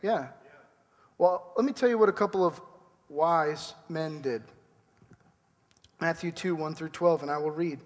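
High-voiced pastor preaching in a reverberant hall. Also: male voice, a little slow, pauses often. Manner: conversational preaching with mimicked quotes. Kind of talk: sermon.

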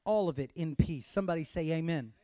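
Preacher guy, high voice, gets the church shouting back, goes quiet then loud. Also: fairly quick, dry recording. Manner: preaching with call-and-response shouts, swinging from soft to loud. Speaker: pastor. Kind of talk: sermon.

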